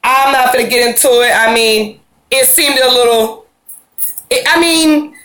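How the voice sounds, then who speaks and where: A woman talks through a TV episode recap, chatty and full of slang, drifting off into side comments. Her voice sits a little high and bounces around an echoey room. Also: measured pace, fairly bright tone. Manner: chatty, slangy, rambling with asides. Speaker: show recap vlogger.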